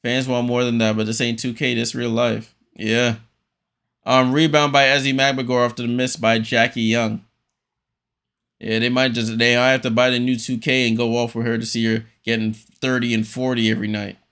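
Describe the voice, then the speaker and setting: A man hosting a live watchalong stream, calling the game play-by-play in a relaxed, chatty way with frequent ums and restarts. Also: medium pitch, normal speed, creaky, clean tone. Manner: relaxed, chatty, many ums and restarts, reads chat aloud.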